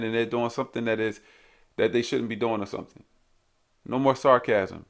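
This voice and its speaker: A man hosting his own show, delivering a blunt, preachy ranting monologue full of repeated rhetorical questions. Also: mid-range voice. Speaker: host.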